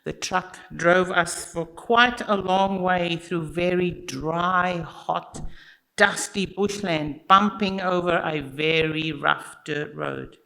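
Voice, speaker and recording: A storyteller tells a tale at church at a slow, easy pace. The voice has a gravelly edge, a bright tone and a plain, expressive delivery that speaks right to the listeners. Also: medium pitch, poor audio. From Australia. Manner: unhurried and expressive, addressing listeners directly. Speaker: children's story teller at church. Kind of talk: told story in a church service.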